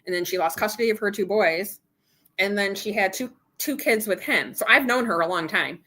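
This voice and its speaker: A middle-aged woman hosts a casual live chat with her viewers. Her voice is bright and forward, sitting at an ordinary pitch for a woman. She talks candidly, retelling an argument with plenty of quoted back-and-forth. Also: normal speed. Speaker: channel host.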